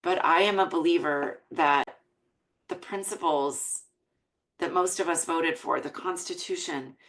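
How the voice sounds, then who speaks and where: Female podcast host, American, low-pitched, heartfelt and earnest delivery. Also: measured pace, a bit bright, poor audio. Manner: earnest and emotional, reading quotes aloud.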